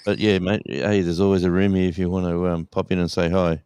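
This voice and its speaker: A man from Tasmania with an Australian accent, a guest in a relaxed, easygoing live-stream chat. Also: deep voice, fairly quick, smooth.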